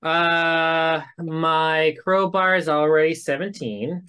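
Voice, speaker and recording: Bright-voiced tabletop player. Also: medium pitch, fairly even intonation, slow, smooth. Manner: casual, thinks aloud while tallying dice. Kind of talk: playing a tabletop game.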